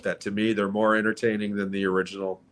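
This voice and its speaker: A man's voice: lowish voice, little pitch movement, quick pace, fairly bright tone, slight background noise. A man co-hosting a casual movie podcast, giving blunt opinions and swearing freely. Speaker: co-host.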